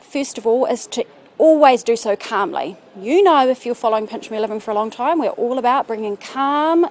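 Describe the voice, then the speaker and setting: A woman giving calm, earnest, encouraging self-help advice straight to camera. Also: on the high side, slight background noise. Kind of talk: direct-to-camera advice talk.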